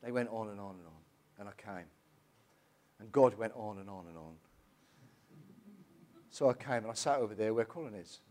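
A middle-aged man, telling his personal testimony in a church in an emotional, halting way with many restarts. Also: on the low side, a little mellow. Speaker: church member giving testimony.

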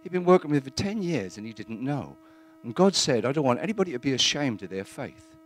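A man giving a plain-spoken, earnest testimony in church, halting now and then with fillers. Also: medium pitch, sing-song.

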